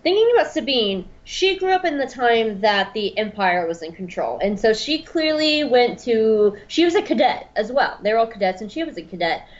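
A woman co-hosting a podcast, giving an animated comedic episode recap and laughing at her own slips. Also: fairly high pitch, moderate pace, hardly any pauses. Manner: animated, laughing, self-correcting. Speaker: podcast co-host. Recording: dull lo-fi sound with faint music.

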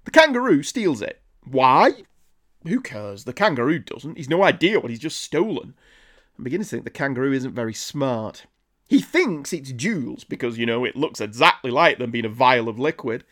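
A man's voice: sing-song, normal speed, fairly bright tone. A man recapping an old comic with sarcastic, incredulous commentary. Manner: sarcastic, incredulous, jumps high in pitch when ranting. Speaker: comic book reviewer.

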